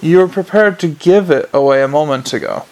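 A man's voice: a little high, fairly quick, natural voice. A man doing an earnest polite young watchman. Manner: calm, earnest, formal.

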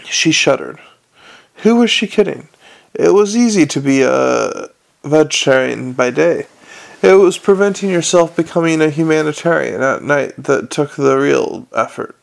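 A man reads a storybook aloud with a wry, even delivery. His voice is gravelly and sits a little above the usual male pitch. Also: unhurried. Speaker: audiobook narrator. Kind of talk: storybook narration.

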